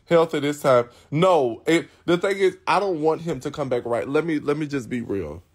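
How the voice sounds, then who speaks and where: A man's voice: on the high side, expressive, moderate pace, breathy edge. A man hosting a live stream, talking casually to his viewers in a blunt, profane and rambling way.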